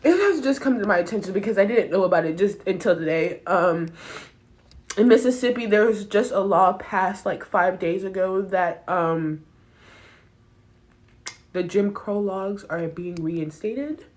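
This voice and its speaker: Slow-talking upset woman vlogging. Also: medium pitch. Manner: upset, swearing, halting with fillers. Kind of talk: emotional vlog.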